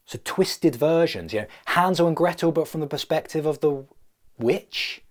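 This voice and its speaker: A man's voice: on the high side, normal speed, darkish tone. A man riffing through a comedic solo vlog, rambling and self-mocking, often stopping to restart his thoughts. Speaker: vlogger.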